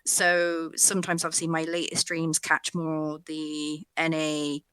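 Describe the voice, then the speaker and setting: Giggly British woman, bright and dry. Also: low voice, monotone, measured pace, smooth, dry recording. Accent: British English. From Britain. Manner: chatty, self-deprecating, laughs often. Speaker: guest streamer. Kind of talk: casual interview chat.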